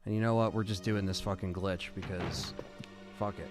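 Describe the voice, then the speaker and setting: A young man live-streams a video game, ranting to his chat in exasperation and swearing freely, in a low, steady voice at a moderate pace. Faint game music plays behind him.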